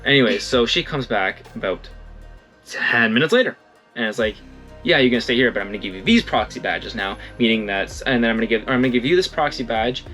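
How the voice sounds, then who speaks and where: A young male vlogger tells a casual story at a fairly quick clip, his voice medium in pitch with faint music behind him. He rambles, corrects himself, and animatedly acts out what other people said.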